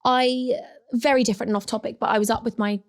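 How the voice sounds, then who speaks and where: A woman's voice: a little high, fairly even intonation, fast talker. A young woman, a guest on a parenting podcast, talking in a chatty, emphatic way and acting out little quotes. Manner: chatty and emphatic, repeats phrases, acts out quotes. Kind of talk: casual chat.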